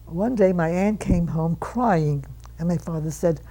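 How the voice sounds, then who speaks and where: Interviewee, woman aged 100. Lively storyteller who performs her family's lines. Low, husky, creaky, mellow tone. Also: a little slow, low-quality recording. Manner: animated storyteller who acts out quoted relatives. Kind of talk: reminiscing storytelling.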